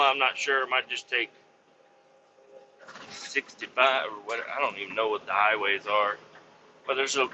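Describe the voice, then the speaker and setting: Trucker guy rambling, swears a lot, jokes around, super bright sharp voice, dull lo-fi sound. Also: mid-range voice, slight background noise. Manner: crude, profane and jokey. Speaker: truck driver. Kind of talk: rambling casual storytelling.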